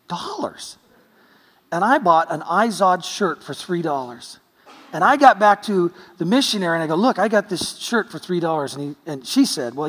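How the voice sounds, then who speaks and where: A man's voice: fairly high pitch, big-room sound. A man preaching a sermon as pastor, telling stories earnestly with touches of light humor.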